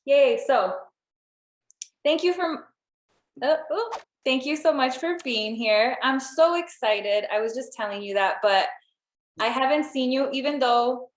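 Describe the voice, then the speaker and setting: A woman's voice: high-pitched, a little slow. A woman co-hosting a podcast in a casual, chatty way, laughing often and swearing now and then. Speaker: podcast co-host. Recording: roomy echo.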